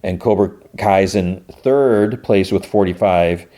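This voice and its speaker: A man with a lowish, dark, mellow voice talks through an episode for his podcast. He tells it loosely, full of "like" and half-acted quotes, in an easygoing conversational way. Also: slow pace. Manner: retells scenes with loose quoted lines, many "like" fillers. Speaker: podcast host. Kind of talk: casual episode recap.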